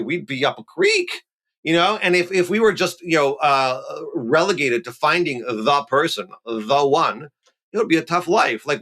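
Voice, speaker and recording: A middle-aged man from Montreal, a rabbi explaining ideas in a relaxed conversational way, animated and playful with quick asides. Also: a little high. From Montreal, Canada. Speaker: rabbi, guest.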